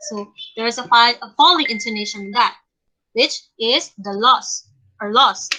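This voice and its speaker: A young woman playing a teacher in an online class, talking slowly and haltingly with many restarts. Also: on the high side, pushed and bright, rough recording. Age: young adult. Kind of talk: role-played classroom lesson. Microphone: online call.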